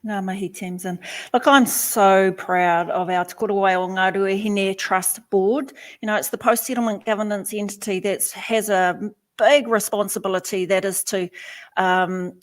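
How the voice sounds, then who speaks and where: Brief: NZ woman, trust representative, steady explanatory radio guest. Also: mid-range voice, moderate pace. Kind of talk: live radio interview.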